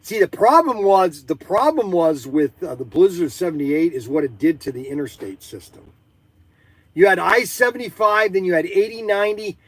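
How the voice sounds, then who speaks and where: A man hosting a live stream in casual chat, rambling and excitable with many fillers. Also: high voice, normal speed.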